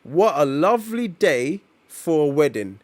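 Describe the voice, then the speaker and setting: A man's voice: a little high, very animated, unhurried. A man reading as a solemn underworld wedding officiant.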